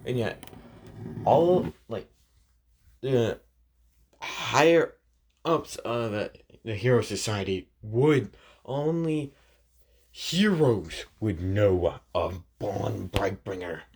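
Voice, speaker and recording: Slow, low-voiced rambling storyteller man. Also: darkish tone, breathy edge. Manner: hesitant, many fillers and restarts. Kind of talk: rambling fan-story narration. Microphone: phone screen recording.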